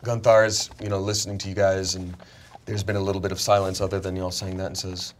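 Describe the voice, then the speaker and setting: A man running a tabletop role-playing game, narrating scenes with animated, cinematic storytelling. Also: low voice, quick pace, a little hiss or hum. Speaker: game master.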